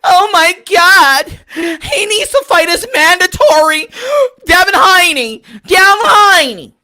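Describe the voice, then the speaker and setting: A whiny boxing fan, as a man mocks him, wails and sobs in an overblown, high, piercing voice. Every complaint comes out as a melodramatic cry, bright and strained. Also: expressive, slow, heavily acted. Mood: mock wailing. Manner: wailing, melodramatic crying mockery.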